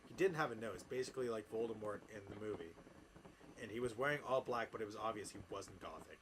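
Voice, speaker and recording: Man reading fanfiction deadpan. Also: on the low side, fast talker. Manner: deadpan reading, breaking into laughter and asides. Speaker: podcast co-host reading fanfiction aloud. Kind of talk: comedic dramatic reading. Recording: noisy background ambience.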